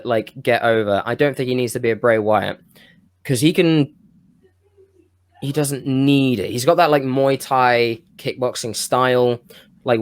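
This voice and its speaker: A man co-hosting a podcast, pitching a wrestling storyline in casual chat, rambling and losing his thread now and then. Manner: rambling, self-interrupting, with bursts of enthusiasm. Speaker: podcast co-host.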